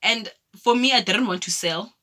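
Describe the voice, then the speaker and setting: A woman's voice: medium pitch, moderate pace, sharp tone. A South African woman telling personal stories in a casual vlog, reflective, with many fillers and restarts. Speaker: vlogger. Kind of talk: casual storytelling.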